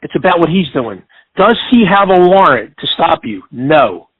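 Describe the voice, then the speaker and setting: A man's voice: a little high, sing-song, moderate pace, breathy edge, no room sound. A man hosting a radio talk show, lecturing insistently and repeating his points. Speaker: radio host giving legal advice. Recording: dry phone-line sound.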